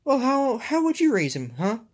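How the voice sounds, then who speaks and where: A woman's voice: high voice, big pitch swings, normal speed, darkish tone, husky, heavily acted. Woman doing Shrek, a grumpy green ogre. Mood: rude. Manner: grumbling, sighing, dismissive. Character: grumpy male green ogre, rude and impatient. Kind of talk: home toy play-acting.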